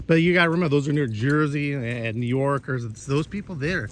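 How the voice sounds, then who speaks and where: A man's voice: on the high side, a little fast, hardly any pauses, background noise. A man chatting casually while he cooks, rambling and cursing, with many restarts. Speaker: vlogger and host.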